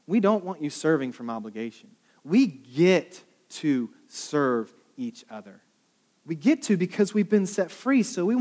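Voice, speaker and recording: A man's voice: fairly high pitch, a little mellow. A man preaching a sermon, telling stories in a casual, conversational way and acting out quoted lines. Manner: storytelling, conversational, with dramatic quoted asides. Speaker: pastor.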